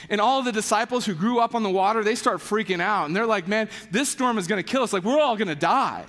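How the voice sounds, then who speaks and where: A man's voice: high voice, long reverb tail. A man preaching a sermon as pastor, telling stories in a casual way and acting out the people in them. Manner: animated storytelling with voiced quotes, many "like" fillers. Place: church sanctuary.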